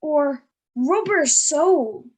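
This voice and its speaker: A woman's voice: sits high, animated, very slow, a little mellow. A woman hosting a casual interview, chatty and giggly, with lots of ums and likes. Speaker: interviewer and host.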